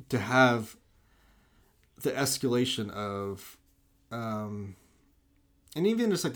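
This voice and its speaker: A man with a fairly low voice talks loosely and eagerly about films. He circles back and restarts his sentences often. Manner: rambling, full of "like" and restarts; enthusiastic. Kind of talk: casual movie chat.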